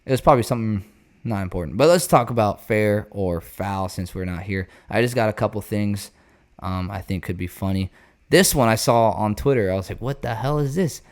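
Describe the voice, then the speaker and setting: Male baseball show host, casual and rambling, animated and jokey. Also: fairly low pitch, brisk.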